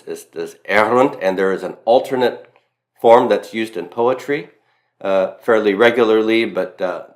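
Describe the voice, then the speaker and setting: A low-pitched Latin teacher with a Southern accent, from Mississippi, gives a recorded grammar lecture. He stresses and repeats the main points, adding self-deprecating remarks.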